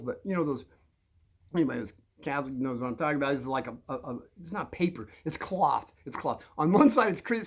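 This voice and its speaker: An older man telling a rambling personal story, halting with many restarts and chuckles. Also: on the high side.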